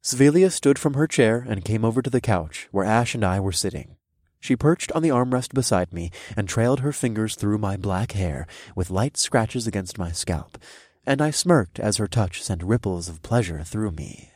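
A man reading a first-person fantasy story aloud, with expressive narration. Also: lowish voice, moderate pace, no echo, studio quality. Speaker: audiobook narrator.

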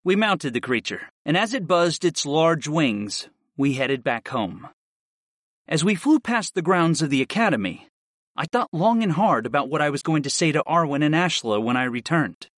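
A man narrating a fantasy audiobook in the first person, telling it in a steady, expressive way. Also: a little high, normal speed, dry recording, studio quality.

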